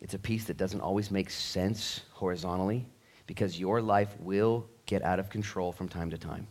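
A middle-aged man preaching a sermon in a church, animated, acting out dialogue and swinging between loud bursts and hushed asides. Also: deep voice, normal speed. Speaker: pastor.

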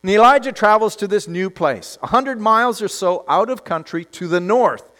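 A man preaching a sermon, telling a story with lively delivery and dropping to quiet emphasis. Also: sits high, moderate pace. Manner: animated storytelling, acts out characters, drops to quiet emphasis.

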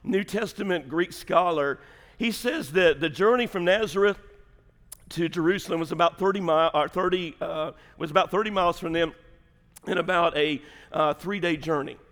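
A man's voice: a little high, moderate pace, a bit bright, long reverb tail. A middle-aged man, a pastor, telling a humorous family story in a chatty sermon, laughing often. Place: church sanctuary.

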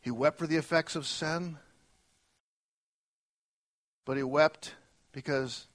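A male pastor preaching a sermon earnestly, moving between soft, slow lines and emphatic ones. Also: fairly high pitch, fairly even intonation.

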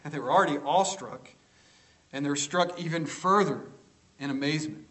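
A man's voice: a little high, fairly quick, a bit bright, low-quality recording. A man preaching a sermon in an emphatic style, often checking in with the congregation. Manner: emphatic, rhetorical tag questions.

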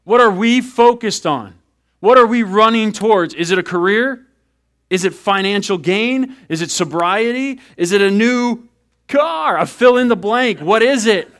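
A man in his thirties, a pastor giving a sermon in an animated, conversational way, acting out little asides. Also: high-pitched, measured pace.

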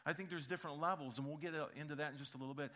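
Animated, bright-voiced preacher man. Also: a little high, very fast. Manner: animated storytelling with humor. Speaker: pastor. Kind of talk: sermon.

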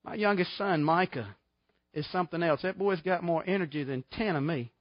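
A man's voice: a little high, moderate pace, no room sound, lo-fi sound. A middle-aged man preaching a sermon in a folksy, emphatic way, full of rhetorical questions. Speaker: pastor.

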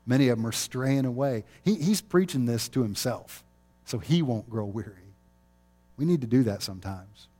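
A man's voice: medium pitch, lively intonation, moderate pace, dark tone. A male pastor preaching a sermon in a chapel, conversational and often chuckling.

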